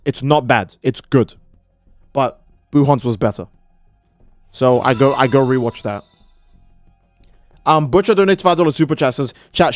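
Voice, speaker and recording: A man's voice: medium pitch, dry recording. A man streaming live, ranting in a heated, profane way and often restarting his sentences. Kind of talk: casual live-stream rant.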